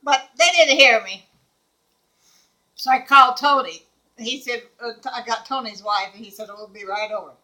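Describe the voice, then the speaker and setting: Bright-voiced older woman telling a story. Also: fairly high pitch, normal speed, low-quality recording. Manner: animated, laughs often while telling; acts out quoted dialogue. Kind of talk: casual anecdote.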